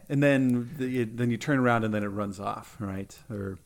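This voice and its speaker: A man's voice: mid-range voice, moderate pace, creaky. A man co-hosting a podcast in casual chat, rambling, thinking aloud through restarts. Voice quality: rambling, many filler likes and restarts. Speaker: podcast co-host.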